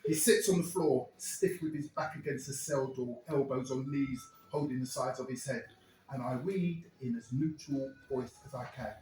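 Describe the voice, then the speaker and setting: A man's voice: mid-range voice, moderate pace, darkish tone, slight background noise. A man performing a crude, wry monologue as a storyteller in a live one-man show. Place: stage at a live club. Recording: echoey room, mic far off.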